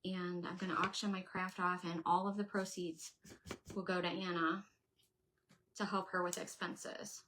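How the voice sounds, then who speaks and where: A woman's voice: on the low side, level tone, moderate pace, a bit bright, a little hiss or hum. A woman hosting a casual crafting livestream, chatting away and thinking aloud as she works and answers her viewers. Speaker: craft channel host.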